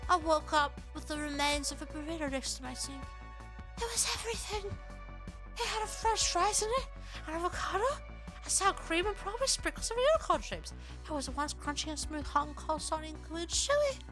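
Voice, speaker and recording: A woman putting on the voice of a frantic, burrito-obsessed young man in a dramatic reading, high and strained. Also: animated, fairly quick, music in the background. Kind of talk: dramatic reading of an online post.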